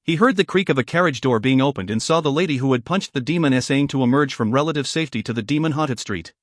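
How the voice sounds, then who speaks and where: A man reading an audiobook narration in a measured, expressive storytelling manner. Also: mid-range voice, dry recording, clean studio sound. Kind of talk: scripted narration.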